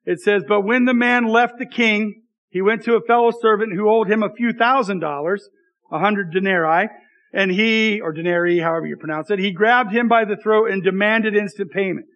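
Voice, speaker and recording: A man's voice: sits high, moderate pace, fairly bright tone, lo-fi sound. A man preaching a sermon as pastor, reading scripture aloud and making joking asides to the congregation in a conversational way.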